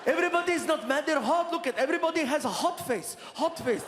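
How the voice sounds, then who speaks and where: A man's voice: extremely high pitch, lively intonation, fast, noisy background, pitched above the performer's own voice. A comedian voicing an emotional Saudi man with a Middle Eastern accent who pleads earnestly in broken English. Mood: explaining. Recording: long reverb of live venue.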